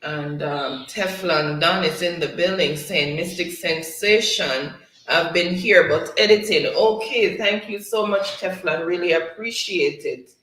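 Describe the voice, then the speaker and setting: A man's voice: on the high side, unhurried, pushed and bright, a little hiss or hum. A man hosting a casual livestream, reading viewer comments aloud and laughing often between them. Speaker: livestream host. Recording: roomy, distant from the mic.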